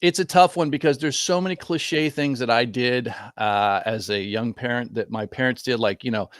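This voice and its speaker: A man's voice: mid-range voice, normal speed, no room sound, clean studio sound. A middle-aged man, a guest trader, talking casually in a reflective, rambling way that corrects itself often. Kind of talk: casual chat.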